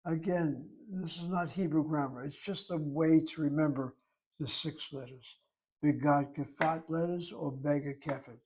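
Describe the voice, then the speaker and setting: A man teaching Hebrew in a relaxed lecture, explaining terms patiently and asking rhetorical questions along the way. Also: a little high, moderate pace, slightly rough.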